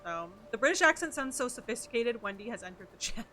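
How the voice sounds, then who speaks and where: A woman's voice: on the high side, animated, quick pace, sharp tone. A woman streamer chatting playfully with her viewers while playing a game and answering their messages. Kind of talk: casual chat while playing.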